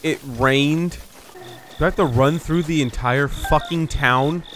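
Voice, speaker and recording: A man's voice: on the high side, measured pace, a bit bright, faint music behind. A man giving let's play commentary as he plays, exasperated, swearing often and muttering to himself. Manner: pleads and repeats words under his breath. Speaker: gaming channel host.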